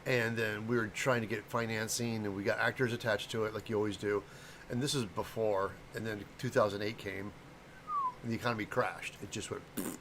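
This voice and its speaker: A man's voice: fairly low pitch, steady tone, brisk, noisy background. A middle-aged man from the American Midwest chatting loosely with viewers on a livestream, rambling and stumbling over names. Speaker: livestream host and prop maker. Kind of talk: casual livestream chat.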